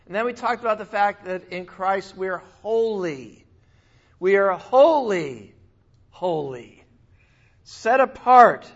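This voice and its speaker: A male pastor preaching a sermon in a conversational, animated way, with asides and small laughs. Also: high-pitched, muffled recording.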